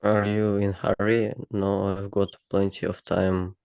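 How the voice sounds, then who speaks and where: Guy reading his sentence, lowish voice, dry sound. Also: flat delivery, a little slow, vocal fry, darkish tone, clear, resonant tone, no echo. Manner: hesitant reading. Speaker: student.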